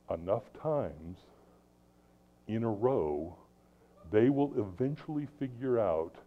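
A middle-aged man preaching a sermon, animated, swinging between loud emphasis and soft asides. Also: lowish voice. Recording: tinny phone-like sound.

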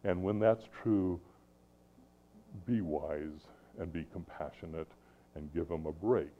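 A middle-aged man delivers a sermon in a lowish voice, swinging between loud emphasis and soft asides. The sound is thin and narrow, like it's coming over a phone line. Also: takes it slowly. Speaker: preacher.

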